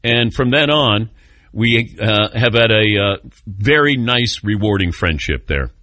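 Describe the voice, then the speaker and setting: A man's voice: lowish voice, measured pace, dry recording. A man hosting a sports call-in radio show, telling stories with a laugh and taking callers. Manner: storytelling, animated, laughs often.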